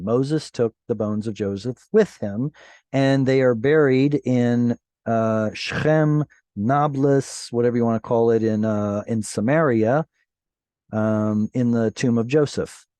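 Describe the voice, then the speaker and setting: A man's voice: medium pitch, takes it slowly, dark tone, dry recording. A man teaching a language class online over a video call, patiently explaining word by word and correcting himself as he goes. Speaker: Hebrew teacher.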